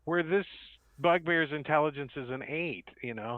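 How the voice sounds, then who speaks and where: A man's voice: on the high side, moderate pace, dry recording. A man running a tabletop game as game master, narrating scenes in a rambling, laid-back way. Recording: tinny, dry phone-like line.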